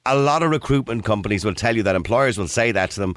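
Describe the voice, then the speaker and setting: A middle-aged man hosting a radio phone-in, blunt and opinionated, talking over his callers with quick asides. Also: on the low side, expressive, a bit bright, no room sound, clean studio sound. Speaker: radio talk show host.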